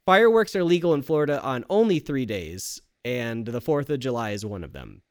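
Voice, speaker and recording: A woman co-host tells a silly news story to friends. Her pitch swings freely, and her smooth voice sounds close and dry. She laughs easily and hams up the quotes. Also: sing-song, a little fast, dry recording. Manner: laughing, shouting quoted lines for comic effect. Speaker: podcast co-host. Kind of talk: casual chat, reading news stories aloud.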